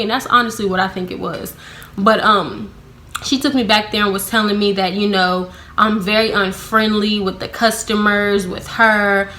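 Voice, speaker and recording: Bright-voiced, blunt young woman vlogger. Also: mid-range voice, brisk. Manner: blunt, profane, heavy use of "like" fillers; sarcastic, animated when quoting herself. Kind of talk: casual storytime vlog.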